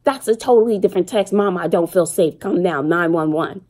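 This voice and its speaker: A middle-aged woman and mother chatting casually to her viewers, telling stories with slang and animated retellings. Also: on the low side, brisk. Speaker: vlogger and single mother. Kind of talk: casual chat to camera.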